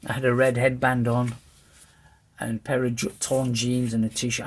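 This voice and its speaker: This middle-aged English-accented man from England speaks at medium pitch and normal speed, with a breathy edge. He gives a lively, rambling testimony about his life, acting out each person's voice.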